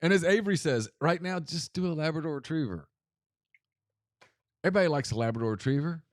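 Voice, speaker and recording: A man co-hosting a casual sports podcast, telling stories with animated quoted voices. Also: on the high side, no echo, clean studio sound. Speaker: podcast co-host.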